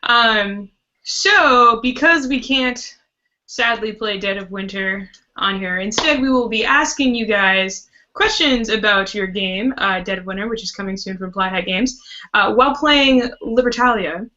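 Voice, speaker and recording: A woman's voice: medium pitch, unhurried, bright, forceful tone. A woman hosting a live board game podcast, chatty and rambling. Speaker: podcast host. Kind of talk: casual live-stream chat. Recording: muffled web call audio.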